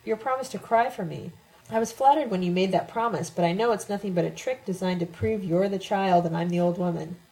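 A woman's voice: medium pitch, fairly quick, natural voice, low-quality recording. A woman voicing a playful, teasing older mother in a read-aloud novel. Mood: wry. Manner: lively, teasing.

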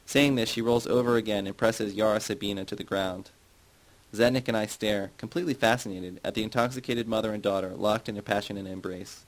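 A man narrating a literary novel in first person, measured and even. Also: on the low side, poor audio. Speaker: audiobook narrator.

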